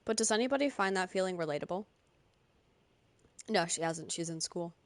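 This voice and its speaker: A woman's voice: lowish voice, lively intonation, a little fast, dry recording. A young woman streamer chatting casually with her live chat, often laughing. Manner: chatty, giggly, talks to chat.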